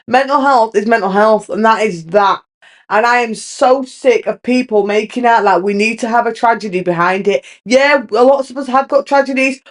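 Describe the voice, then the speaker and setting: Young woman, solo podcast host, candid rambling chat, fairly high voice. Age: young adult. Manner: rambling, candid, restarts often.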